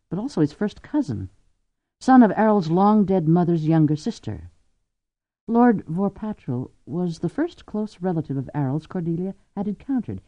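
A man narrating an audiobook in an expressive, varied reading. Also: a little high, dry recording, dull audio. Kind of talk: scripted narration.

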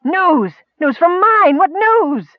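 A man voicing an excited young male gully dwarf miner who talks breathlessly in broken sentences. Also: very high-pitched, measured pace, breathy edge, no room sound, muffled recording, pitched above the performer's own voice, heavily acted.

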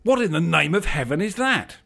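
A man voicing an excitable, panicky young man who screeches his lines in alarm. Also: a little fast, vocal fry, heavily acted. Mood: panicked. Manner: shrill, screeching, frantic.

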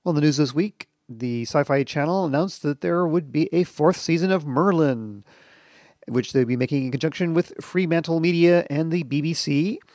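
A man's voice: medium pitch, a little mellow, no room sound. A man hosting a podcast on his own, chatting casually with dry, self-deprecating jokes. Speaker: podcast host. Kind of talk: casual solo podcast monologue.

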